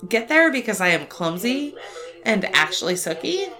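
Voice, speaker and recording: A woman's voice: mid-range voice, sing-song, pushed and bright, soft background music. A young woman co-hosting a podcast, chatting casually and joking while she has the hiccups. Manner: joking, quick, laughs often. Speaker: podcast co-host. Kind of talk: casual chat while watching a show.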